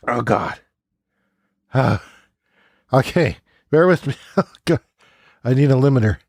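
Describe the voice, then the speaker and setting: Excitable self-mocking comedy podcaster, man. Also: a little high, unhurried, long pauses, no echo, clean studio sound. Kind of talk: rambling comedic monologue.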